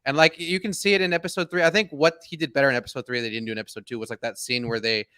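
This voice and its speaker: A man's voice: mid-range voice, steady tone, very fast, bright, forceful tone, clean tone, no echo. A man hosting a casual podcast, rambling and repeating words as he makes his points. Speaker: podcast host. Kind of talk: casual chat.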